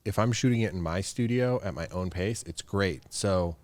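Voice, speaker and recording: A low-voiced man chats casually as a guest on a podcast, easygoing and prone to laughing as he acts out what people said. His voice sits close and dry on the mic. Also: moderate pace, no room sound. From United States. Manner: chatty, laughs often, acts out quotes. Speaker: guest photographer.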